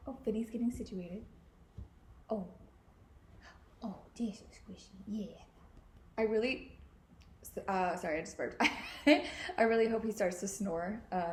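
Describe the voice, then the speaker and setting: A young woman in her twenties hosting a casual podcast from home, chatty and bubbly, swearing and laughing freely. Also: a little high. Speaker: podcast host. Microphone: podcast mic. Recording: echoey room.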